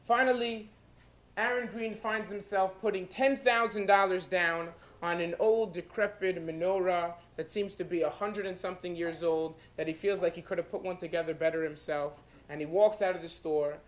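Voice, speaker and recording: A man giving a guest class in a synagogue study hall, telling a dramatic story in short, emphatic phrases with pauses. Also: sits high, fairly even intonation. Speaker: guest lecturer.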